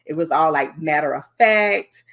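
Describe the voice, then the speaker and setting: Woman presenter, lower voice, lively and chatty, lots of fillers, conference training session. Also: normal speed. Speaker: learning design presenter.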